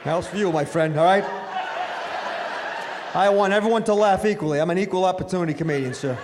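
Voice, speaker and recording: A middle-aged man from an Italian-American family works through a stand-up set on stage, mocking himself and chatting with the crowd. He speaks fairly quickly in a high voice over a noisy background.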